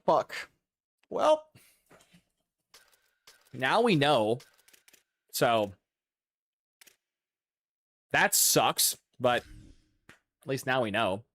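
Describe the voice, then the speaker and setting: A young man talks through a football video game in casual, excitable commentary. His voice sits at an ordinary pitch and sounds dry and close, with little room sound. He swears freely and jumps into loud outbursts. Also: extremely slow, pauses often, dry recording. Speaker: gaming YouTuber.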